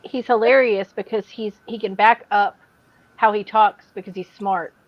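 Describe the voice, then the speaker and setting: A woman hosting a casual podcast chat, telling animated stories and laughing along. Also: medium pitch, normal speed, dry recording, muffled recording. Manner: animated storyteller, mimics people she describes. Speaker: podcast host.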